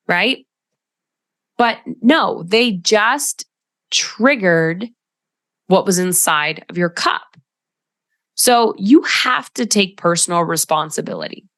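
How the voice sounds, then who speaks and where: A middle-aged woman coaching listeners on her own podcast, in a slightly low voice. She talks directly and emphatically and slips into quoted voices. The sound is dry and close to the mic. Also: lively intonation, slow, pauses often, fairly bright tone, no echo. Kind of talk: solo podcast talk.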